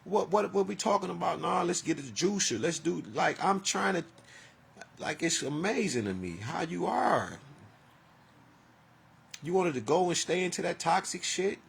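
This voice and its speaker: Gravelly, husky man in his forties. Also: high voice, big pitch swings, unhurried, long pauses. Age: 40s. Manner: rambling, profane, heartfelt storytelling. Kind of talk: emotional personal monologue.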